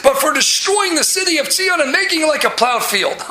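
A man's voice: very high-pitched, animated, fairly quick, hardly any pauses, sharp tone, reverberant. A man giving an impassioned Torah lecture, rising to exclamations and using many Hebrew terms. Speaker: Torah teacher.

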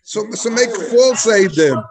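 A man teaching a Talmud class, halting and repeating words as he searches for them. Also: high-pitched, expressive, crowd noise.

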